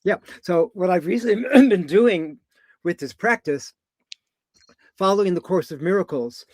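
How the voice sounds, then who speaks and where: Man, fairly high voice, dry close sound; poetic, incantatory delivery on a video call. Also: darkish tone, no room sound. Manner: poetic, incantatory, drawn-out phrasing. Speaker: guest on a live video talk. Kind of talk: casual spiritual conversation.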